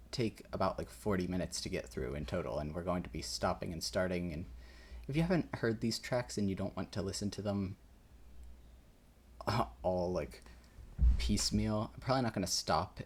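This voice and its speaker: Deep husky-voiced man rambling casually. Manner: rambling and laid-back, swears, chuckles often. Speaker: music reaction host. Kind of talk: casual reaction commentary. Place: at home in his room. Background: game soundtrack playing softly.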